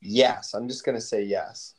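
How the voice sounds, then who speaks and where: A man's voice: fairly low pitch, breathy edge. A man co-hosting a podcast, bantering casually and tossing out silly jokes and asides. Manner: jokey, quick with silly asides. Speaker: podcast co-host.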